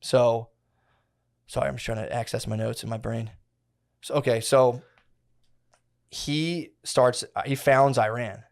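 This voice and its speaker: A man's voice: medium pitch, fairly even intonation, measured pace, vocal fry, pauses often. A man in his thirties co-hosting a casual podcast, telling a long history story with slang, swearing and many restarts. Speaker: podcast co-host.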